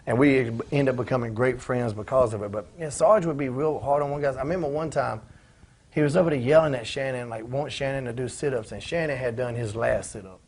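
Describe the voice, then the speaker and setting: A man in his forties spins a profane tale, putting on the voices of everyone in it. His voice is gravelly and a bit husky, and he talks at a fast clip. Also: mid-range voice, a little mellow. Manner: profane, acts out quoted voices in his stories. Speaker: former pro wrestler, interview guest. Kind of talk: casual storytelling in a shoot interview.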